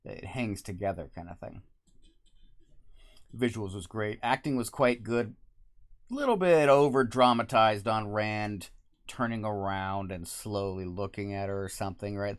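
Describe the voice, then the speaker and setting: A man's voice: on the low side, unhurried. A man casually reviewing a TV show from a room with the window open, rambling and correcting himself as he goes. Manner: rambling, self-correcting, upbeat. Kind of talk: casual solo review talk.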